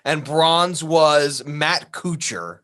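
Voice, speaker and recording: A man co-hosting a casual podcast chat, rambling and animated, who keeps dropping into mock voices. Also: on the high side, drawn-out words. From US East Coast. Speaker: podcast co-host.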